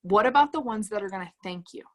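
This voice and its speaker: Her mid-range voice is animated and quick as this woman, a direct-sales team leader, livestreams an upbeat motivational talk and reads the chat's comments aloud to her sales team.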